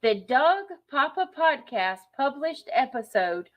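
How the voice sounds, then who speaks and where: A woman in a played video clip, reading aloud from a web page with hesitant pauses and fillers. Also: high voice, very animated, lo-fi sound. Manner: hesitant, unsure of names, many fillers.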